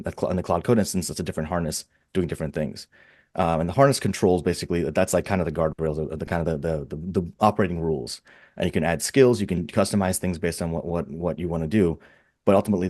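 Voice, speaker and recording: A man's voice: low-pitched, darkish tone, no room sound, studio quality. A man speaking on a webinar panel in a rambling, enthusiastic way, often repeating words as he thinks aloud, heard over a video call. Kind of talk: casual webinar panel talk.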